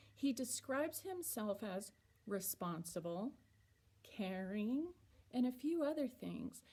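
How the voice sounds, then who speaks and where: A woman teacher giving a reading lesson to young children, slowly and patiently sounding words out. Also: a little high, dark tone. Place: school or classroom.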